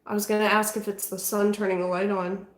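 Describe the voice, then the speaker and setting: A woman talks casually through a paranormal session inside a house. Her voice sits at an ordinary middle pitch. She trails off, restarts, and breaks off to question the spirits, and the room gives her voice a noticeable echo. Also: flat delivery, fairly quick. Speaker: paranormal investigator. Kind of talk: casual talk during a ghost-hunting session.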